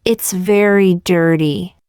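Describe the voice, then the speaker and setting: A woman reading short example sentences one by one for English learners, in a slow, deliberate, evenly paced way. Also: lowish voice, steady tone, darkish tone, clean tone, no echo, clean studio sound. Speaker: English teacher.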